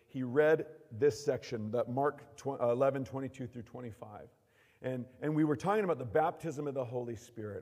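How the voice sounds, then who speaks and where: Man preaching with big swings in volume. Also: mid-range voice. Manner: lively preaching, acts out quotes, swings from loud to hushed. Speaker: pastor. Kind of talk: sermon. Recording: long hall reverb.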